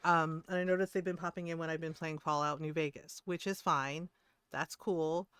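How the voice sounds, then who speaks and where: A woman's voice: sits low, fairly even intonation, moderate pace, fairly bright tone, clean tone. A middle-aged woman streaming a game, chatting casually in a blunt, profane way and laughing often. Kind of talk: casual chat while gaming.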